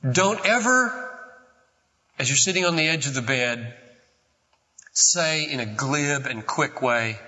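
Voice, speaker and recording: An older man preaching a sermon with impassioned swings from quiet to shouting, recorded in a church hall. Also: mid-range voice, expressive, takes it slowly, pauses often. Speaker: pastor. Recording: dull recording in a large hall.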